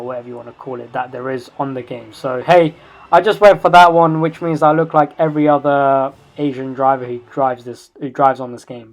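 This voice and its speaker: Give me an excitable woman commentating a race game. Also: low-pitched, rough recording. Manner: excitable, rising and louder in tense moments; chatty, self-correcting asides. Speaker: sim racing video creator.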